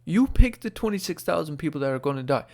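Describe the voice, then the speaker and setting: A man putting on a blustery middle-aged male politician with an exaggerated New York accent, a bit higher and louder than his own voice. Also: expressive, fast talker, creaky. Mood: indignant.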